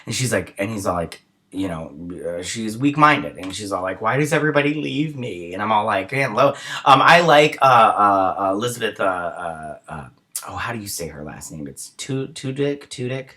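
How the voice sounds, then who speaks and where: A man's voice: lowish voice, lively intonation, normal speed, pushed and bright. Rambling man recapping a TV episode. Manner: rambling retelling with many fillers. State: tired early in the morning. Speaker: host reviewing a TV episode. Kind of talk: casual recap and review.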